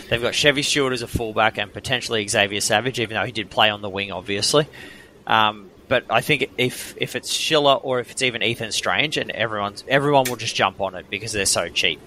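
Bright-voiced Australian man, emphatic. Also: fairly low pitch, fairly quick, a little hiss or hum. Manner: emphatic, opinionated, frequent ums. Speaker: podcast co-host. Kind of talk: casual sports chat.

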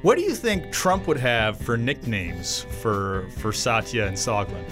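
A man's voice: on the low side, very animated, measured pace, over music. A man co-hosting a podcast, bantering in a wry, playful way. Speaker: podcast co-host. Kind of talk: casual podcast chat.

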